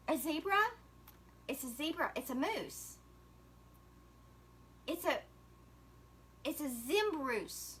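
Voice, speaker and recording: A middle-aged woman chats on a craft livestream, gushing and calling her viewers y'all. Her voice sits high and bright, and she talks at an unhurried pace. A faint hiss of noise runs under the recording. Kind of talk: casual livestream chat.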